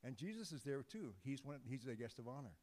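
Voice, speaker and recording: Guy preaching a relaxed jokey sermon, middle pitch, big echoey church hall. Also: fairly quick. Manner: informal, joking, conversational with restarts. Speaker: guest preacher. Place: church sanctuary. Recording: long hall reverb.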